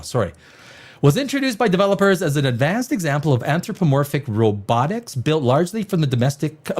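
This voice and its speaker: A man hosting a live science and news show, reading items aloud and rambling off into jokes. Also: fairly high pitch. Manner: jokey, rambling, laughs at his own jokes. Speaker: host. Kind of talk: casual live show commentary.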